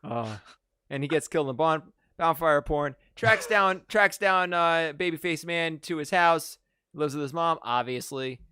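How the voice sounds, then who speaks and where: A man's voice: a little high, unhurried, sharp tone, clear, resonant tone, no room sound, clean studio sound. A man hosting a casual movie podcast, recapping the plot in a rambling way with lots of fillers. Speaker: podcast host.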